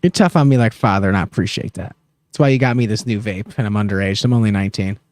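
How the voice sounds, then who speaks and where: A man's voice: lowish voice, fast talker, darkish tone, no echo. A young man co-hosting a sports betting podcast, telling rambling jokey stories. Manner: joking, rambling storyteller. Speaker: podcast co-host. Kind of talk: casual chat.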